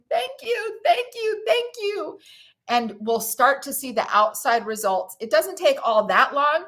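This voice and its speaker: A woman hosting a casual live stream, reading comments from the chat and talking in a warm, gushing, emotional way, at times choked up. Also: fairly high pitch. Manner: reads viewer comments aloud to the chat.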